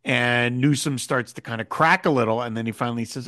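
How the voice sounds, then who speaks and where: A man's voice: medium pitch, a little fast, no echo, clean studio sound. A man co-hosting a podcast, casually recapping a TV episode and acting out quoted lines as he goes. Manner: animated retelling, quotes scenes in character. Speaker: podcast co-host.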